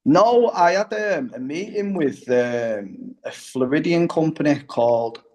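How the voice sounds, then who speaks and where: A man's voice: a little high, animated, a little slow, a little mellow. A man as a guest in a casual online chat, laid-back, swearing casually and saying mate a lot. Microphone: video call.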